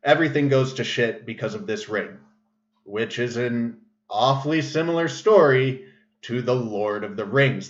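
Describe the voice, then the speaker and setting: A man hosting a casual livestream monologue, rambling with many fillers and restarts, recorded in an echoey room with a dull, lo-fi sound. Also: medium pitch. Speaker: show host.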